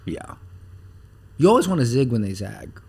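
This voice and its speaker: A man talking as a podcast guest about marketing, animated and blunt, with some swearing, acting out the things people say. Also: medium pitch, moderate pace, vocal fry, breathy edge. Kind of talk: casual podcast interview.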